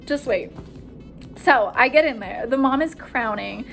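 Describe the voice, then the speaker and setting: A young woman, a nursing student, excitedly retelling a hospital story in a casual vlog, full of "like" and acted-out quotes. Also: on the high side, unhurried, vocal fry, soft background music. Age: young adult. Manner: animated, breathless retelling with frequent "like" and quoted voices.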